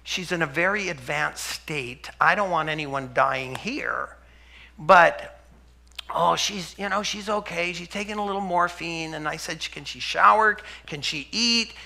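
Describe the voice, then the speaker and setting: A middle-aged man giving a sermon-style testimony, telling stories and acting out the dialogue, dropping to a hush for quoted lines. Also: a little high, unhurried, creaky. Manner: storytelling, acts out dialogue, drops to a hush for quotes. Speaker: preacher and health center speaker.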